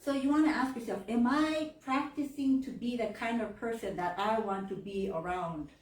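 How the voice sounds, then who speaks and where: A woman's voice: a little high, moderate pace, a little mellow. A woman in her thirties from gives a candid personal faith talk in church, acting out quoted voices and laughing often. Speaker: church member giving a talk. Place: church hall. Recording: roomy, from far off the mic.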